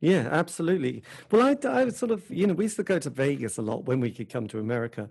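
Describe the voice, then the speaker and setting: A man's voice: on the high side, very animated, fast talker, creaky, a little mellow, breathy edge. An English man hosting a podcast over a video call, polite and chatty with a mild swear. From England. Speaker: podcast host. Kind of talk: casual interview chat.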